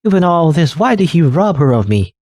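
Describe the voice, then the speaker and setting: Grieving village parent, anguished, self-blaming, lively rising pitch, dry close sound, read by a man. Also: a little fast, dry recording. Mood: distraught.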